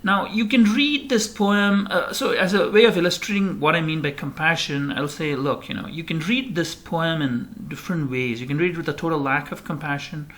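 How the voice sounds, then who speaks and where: A man's voice: on the high side, moderate pace, hardly any pauses, a bit bright. A man giving a recorded slide lecture, rambling with many fillers and restarts.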